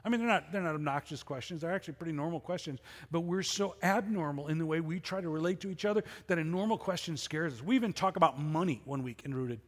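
High-voiced male pastor preaching in a hall. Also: fast, hardly any pauses. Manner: conversational preaching with rhetorical questions. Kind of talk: sermon. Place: church sanctuary.

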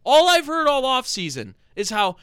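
Guy going off about his team, high voice all over the place, bright and cutting, swearing a lot. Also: huge pitch swings, smooth, dry recording, clean studio sound. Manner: angry, loud, swearing, fast repeated phrases. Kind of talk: heated sports fan rant.

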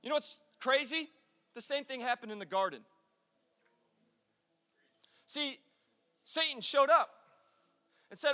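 A man preaching a sermon as pastor, swinging from quiet asides to loud, drawn-out calls. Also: extremely high pitch, lively intonation. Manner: preaching with dramatic swings of volume and acted quotes. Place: church sanctuary. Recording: echoey church hall.

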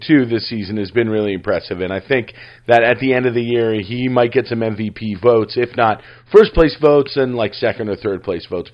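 A man co-hosting a casual sports podcast, easygoing and jokey, often agreeing with his partner. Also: medium pitch. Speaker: podcast co-host. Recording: dull lo-fi mic.

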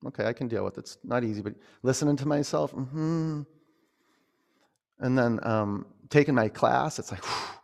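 A man teaching a yoga class, gently cueing breath and poses in a loose, conversational way. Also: mid-range voice, normal speed, creaky.

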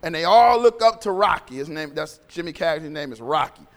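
A man's voice: on the high side, lively intonation, fairly quick, big-room sound. A male pastor preaching a sermon in a conversational, storytelling way, often repeating phrases.

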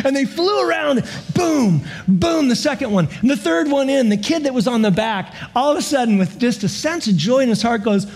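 A man's voice: very high voice, expressive, moderate pace, hardly any pauses, darkish tone. A man preaching a sermon as pastor, telling stories with laughs and repeated stammered words.

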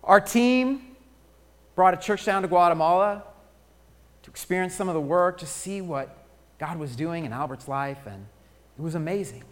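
A male pastor delivers a sermon with a high-pitched voice. He drops to hushed, pleading tones and then builds to loud, rousing calls to the congregation. The sound carries a long reverb from the church sanctuary. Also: animated, moderate pace, long pauses. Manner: dynamic preaching, shifting from hushed pleading to loud exclamation.

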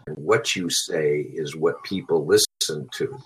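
Very deep, husky middle-aged American host. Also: male voice, measured pace, low-quality recording. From California. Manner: encouraging, rambling, many fillers. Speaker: radio talk show host. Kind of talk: casual chat.

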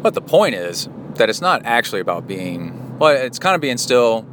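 An American man hosts a casual solo podcast from inside a moving car, his mid-range voice sing-song at a moderate pace. He rambles, wanders off on tangents, and corrects himself as he drives, with road and car noise audible behind him.

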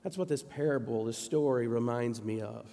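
A man preaching a sermon in a church sanctuary, telling stories in a relaxed, conversational way. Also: medium pitch, moderate pace, gravelly. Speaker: pastor. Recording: long reverb of a church hall.

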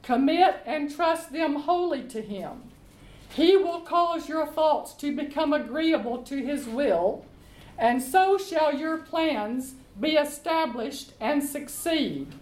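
A woman leading a Bible study, reading scripture aloud and explaining it in a slow, deliberate way. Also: high voice, a little mellow. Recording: echoey room.

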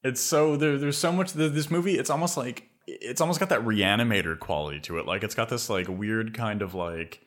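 A man's voice: medium pitch, a little fast, few pauses, fairly bright tone. A man co-hosting a podcast, talking movies in a rambling way, full of filler words. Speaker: podcast co-host. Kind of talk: casual film discussion.

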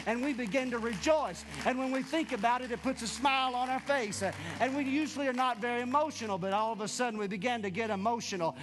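A man preaching in a church sanctuary, his voice sitting noticeably high for a man. He drives his points home with repetition and rhetorical questions to the congregation. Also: fast talker, hardly any pauses, fairly bright tone. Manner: emphatic preaching with call-and-response questions. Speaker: pastor. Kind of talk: sermon.

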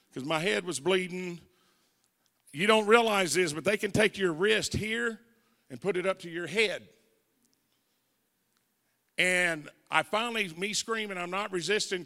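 In a church sanctuary with an echoing hall sound, a man in his forties with a Southern accent preaches his testimony and plays out the story's voices as an evangelist. He speaks high-pitched, pushed, and bright.

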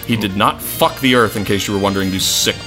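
A man's voice: on the low side, fast, music in the background. A man hosting a comedy podcast, joking and swearing casually and laughing often. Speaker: podcast host.

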